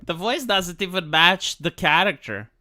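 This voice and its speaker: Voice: medium pitch, expressive, measured pace, bright, forceful tone, soft background music. A streamer giving exasperated live commentary over gameplay, ranting and stumbling over words.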